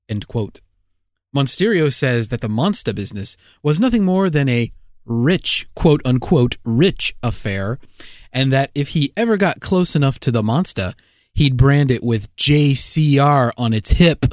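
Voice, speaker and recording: A man co-hosting a podcast, reading history out casually and reacting with excitable jokes. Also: mid-range voice, moderate pace, dry recording, clean studio sound. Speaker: podcast co-host. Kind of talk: casual storytelling chat.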